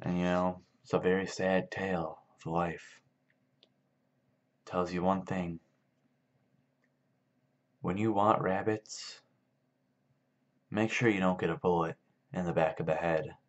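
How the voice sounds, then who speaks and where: A man's voice: deep voice, steady tone, slow, pauses often. A man casually retelling a book for laughs, in a loose, rambling way full of fillers. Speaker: video maker. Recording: dull lo-fi sound.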